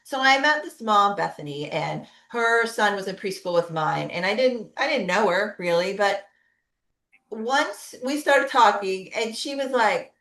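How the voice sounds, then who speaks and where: A woman's voice: medium pitch, lively intonation, a little slow, a bit bright, echoey room. A middle-aged woman, a pediatric physical therapist, giving a conversational webinar talk with frequent tag questions. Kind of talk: webinar presentation.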